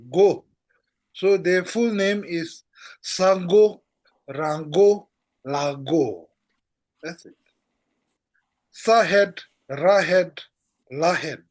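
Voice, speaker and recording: A man teaching an online language lesson, patient and repetitive, often checking whether students follow. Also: on the high side. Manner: slow, patient, repeats checks like "how goes, no?". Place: online class over a shaky internet connection.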